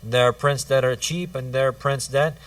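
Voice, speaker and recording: A man's voice: medium pitch, fairly even intonation, moderate pace, no echo, distant mic. A man giving a religious lesson, repeating key phrases and restarting his sentences as he teaches. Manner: repetitive, restarts phrases, stresses points twice. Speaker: Islamic teacher.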